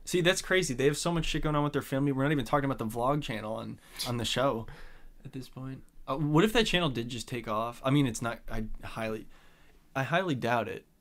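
A man with an everyday, mid-pitched voice trades playful banter as a podcast co-host. He talks in a chatty, teasing way, loose and conversational. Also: fairly bright tone. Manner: playful, chatty, quick to laugh and tease. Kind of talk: casual recap chat.

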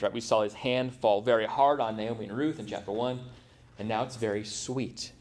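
A man preaching a sermon in a conversational style, often checking in with the congregation and acting out quotes. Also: mid-range voice. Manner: conversational preaching, frequent rhetorical "right?"; animated, acts out quotes. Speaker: pastor.

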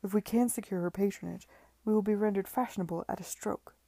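A woman voicing a flustered, fawning gentleman. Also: mid-range voice, fairly even intonation, fast talker, creaky, no echo. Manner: flustered and eager to please. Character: anxious eager man, a fawning seaside promoter.

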